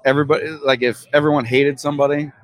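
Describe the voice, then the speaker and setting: A man's voice: mid-range voice, little pitch movement, racing. Hesitant young male guest. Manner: thoughtful, a bit hesitant, repeats words. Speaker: guest, sports reporter. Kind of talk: casual chat.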